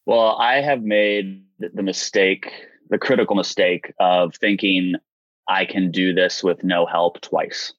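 A man's voice: lowish voice, normal speed, no echo, lo-fi sound. A man in his thirties, a guest in an interview, telling a candid personal story and acting out the voices of the people in it. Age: 30s. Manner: animated storyteller, acts out quotes.

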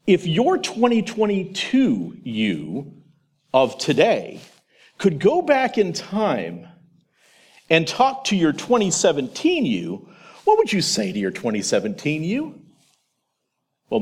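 Husky, animated male Christian teacher. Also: mid-range voice. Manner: animated storytelling, speaking straight to the listener.

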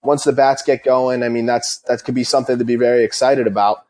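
Young man, mid-pitched voice, eager and talkative, hosting an interview. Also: steady tone, brisk, a little mellow. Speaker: host. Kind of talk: casual interview chat.

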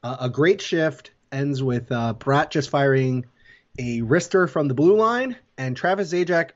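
A man's voice: mid-range voice, animated, a little slow, highs cut off. A man casually recapping a hockey game as a podcast co-host, telling the plays step by step with fillers. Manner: play-by-play storytelling with fillers.

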